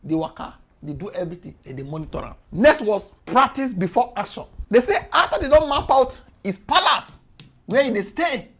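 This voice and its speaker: A woman with a Nigerian Pidgin English accent, talking through the news in a casual, animated explainer, her voice swinging between loud and soft. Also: on the high side, moderate pace, husky. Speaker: commentator.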